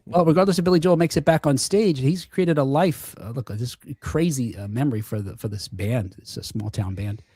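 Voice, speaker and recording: A man's voice: mid-range voice, a little fast, hardly any pauses, dark tone, husky, dry recording, clean studio sound. A middle-aged man hosting a casual live-streamed chat, talking with lots of fillers and restarts over a video call. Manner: chatty, with many fillers and restarts. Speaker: host.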